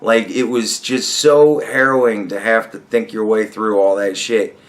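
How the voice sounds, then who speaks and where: A man's voice: fairly low pitch, steady tone, unhurried. A man giving a casual, profane, rambling reaction rant, often exasperated and breaking into laughter. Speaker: commentary vlogger.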